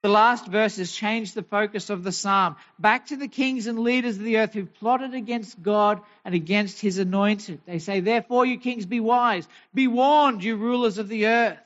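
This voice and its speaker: A man's voice: sits high, a bit bright, muffled recording. A man preaching a sermon as pastor, posing rhetorical questions and telling homely family stories. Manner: asks many rhetorical questions; tells homely family anecdotes.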